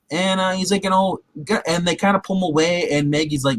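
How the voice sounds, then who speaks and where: Casual recap host, male, a bit high-pitched, rambling delivery full of restarts, close dry sound. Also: fast, few pauses, a bit bright, no echo. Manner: rambling, heavy with fillers and restarts; acts out characters' quotes in his retelling.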